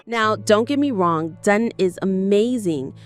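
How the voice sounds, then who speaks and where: A woman's voice: medium pitch, expressive, measured pace, faint music behind. A woman reading scripted countdown narration in a chatty, hyped way, with playful asides to the viewer.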